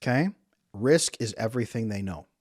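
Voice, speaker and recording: A man's voice: on the low side, expressive, normal speed, darkish tone, dry recording, studio quality. A man working as a relationship coach, talking to camera in an emphatic, repetitive way and acting out quotes.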